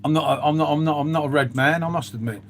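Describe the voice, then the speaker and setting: A man's voice: a little high, fast, a little hiss or hum. Chatty man live-streaming. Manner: chatty, lots of "mate" and "um". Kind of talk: casual live-stream chat reading comments.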